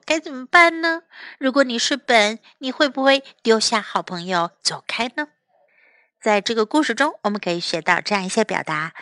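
A woman English teacher reads a children's story slowly and clearly, repeating key phrases. Her voice is bright and lively in pitch, a little high. The sound is dry and close. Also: no echo, low-quality recording. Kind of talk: bilingual storybook lesson for children.

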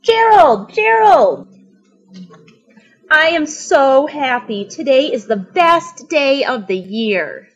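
A squealing, bouncy little pig, as a woman reading a storybook puts her on. The voice sits very high and swoops wildly with delight, and the words come out slow and stretched for young listeners. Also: heavily acted. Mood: ecstatic. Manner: squealing, bouncy, breathless excitement. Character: excitable cheerful little female pig. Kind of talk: children's picture-book read-aloud.

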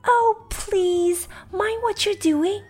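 A woman's voice: fairly high pitch, big pitch swings, unhurried, breathy edge, faint music behind, voice pushed up, full character voice. A woman voicing a polite, curious young girl who speaks timidly and eagerly. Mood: earnest.

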